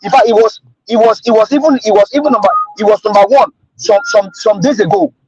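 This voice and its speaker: A man's voice: high-pitched, fast, dull audio, music in the background. A man with a Nigerian accent, a guest on a livestream, who stammers and repeats himself as he pleads his point.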